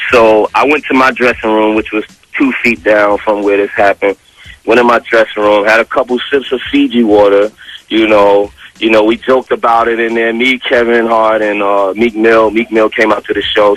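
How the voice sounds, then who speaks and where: A man on a radio show, casually telling a story with animated, profane street slang. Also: lowish voice, no room sound, low-quality recording. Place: radio studio.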